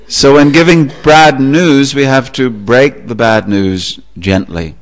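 A man preaching a sermon, telling a story with a relaxed, anecdotal manner and frequent pauses. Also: medium pitch. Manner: anecdotal, with fillers. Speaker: religious preacher.

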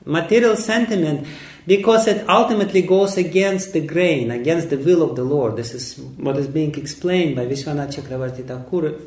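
Man lecturing on scripture, emphatic, laughs a lot, slightly high voice. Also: normal speed, darkish tone. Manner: emphatic, laughs often, frequent fillers. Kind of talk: sermon. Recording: echoey room.

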